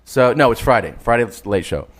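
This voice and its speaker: A man's voice: medium pitch, brisk. A man co-hosting a podcast, telling a story in casual chat, swearing freely and laughing often. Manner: animated anecdote teller, swears, laughs often. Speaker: podcast co-host.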